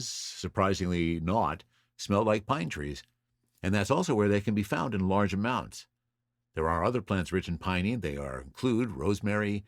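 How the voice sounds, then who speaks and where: Podcast host, male, low voice, animated pitch, reads lists, dry booth sound. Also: no room sound. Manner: reads from notes, lively listing. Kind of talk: solo podcast explainer.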